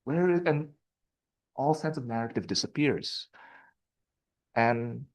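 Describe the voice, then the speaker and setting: A man's voice: mid-range voice, takes it slowly, poor audio. Man lecturing with rhetorical questions. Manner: conversational, asks rhetorical questions, reads passages aloud. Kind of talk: university seminar lecture.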